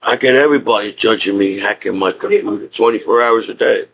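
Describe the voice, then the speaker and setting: An American disabled combat veteran with a speech impediment rants to the camera unscripted, angry and profane, rambling with many restarts. His voice is fairly low and fairly bright, brisk with vocal fry. The low-quality recording carries slight background noise.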